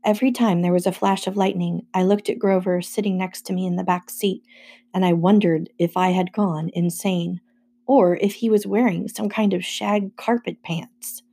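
A woman narrating a first-person audiobook chapter in a steady storytelling manner. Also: fairly low pitch, moderate pace, gravelly.

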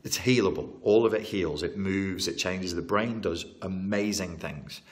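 A low-voiced man talking through trauma as a therapist in an interview. He stacks emphatic repeated phrases and breaks off to reword himself mid-sentence. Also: unhurried. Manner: animated, repetitive, emphatic, self-correcting. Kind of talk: interview explanation.

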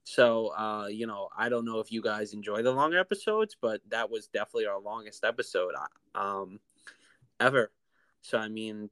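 A young man in his twenties co-hosting a podcast over a remote call, chatting in a relaxed, rambling way with lots of fillers. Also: on the low side, dry recording. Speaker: podcast co-host. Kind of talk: casual chat.

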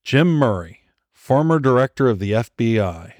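A man voicing an older male rebel leader speaking calmly and smugly over a video call, in an audiobook. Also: mid-range voice, normal speed, no echo, clean studio sound, natural voice.

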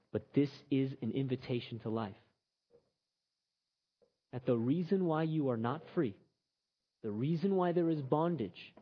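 A man preaching a sermon in a conversational, animated way, slipping into characters to tell stories. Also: mid-range voice, slightly rough. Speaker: pastor. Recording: slightly muffled recording.

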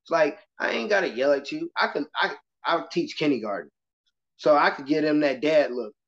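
A man who teaches kindergarten, speaking as a guest in a casual interview and telling stories with lively acted-out voices. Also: fairly high pitch, moderate pace. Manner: animated storytelling, slips into voices of kids and adults. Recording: muffled lo-fi podcast audio.

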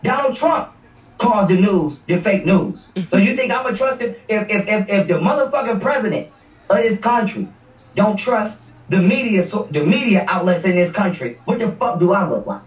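A man's voice: high voice, animated, normal speed. A man hosting a livestream, ranting in a combative, profane way and repeating words as he hammers his points. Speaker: livestream host. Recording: echoey room, distant mic.

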